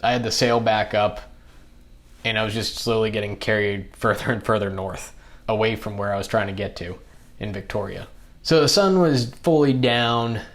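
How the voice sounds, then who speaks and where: A young man, a podcast guest, telling a story in a casual, animated way and acting out what others said. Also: on the low side, moderate pace. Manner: animated, acts out other people's lines in the telling.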